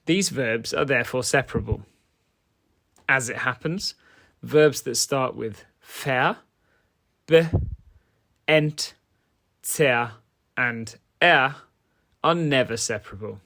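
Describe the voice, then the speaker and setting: A man teaching a grammar lesson, switching between English and German in a clear, measured delivery. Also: mid-range voice, pushed and bright.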